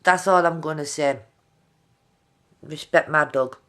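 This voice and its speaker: Slow-talking woman vlogger. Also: deep voice, fairly bright tone. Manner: heartfelt, talks straight to her viewers. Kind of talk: emotional video diary.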